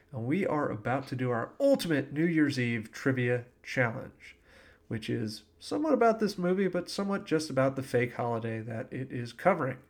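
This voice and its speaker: A man hosts a casual podcast and runs a trivia game with his friends. He keeps breaking into laughter as he jokes. His voice sits at an ordinary middle pitch. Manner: laughs often, joking. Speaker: podcast host. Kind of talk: casual podcast chat and quiz hosting.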